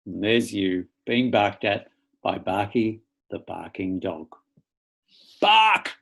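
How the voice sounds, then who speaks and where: A man, a children's author, reading a picture book aloud to children in a playful, theatrical way with loud barks, over an online link from home. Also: deep voice, slow pace, creaky, slightly rough.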